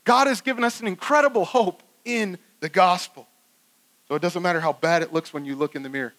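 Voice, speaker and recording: A male pastor preaching a sermon in an animated way, acting out quoted voices with many restarts. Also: high voice, a little fast, rough recording.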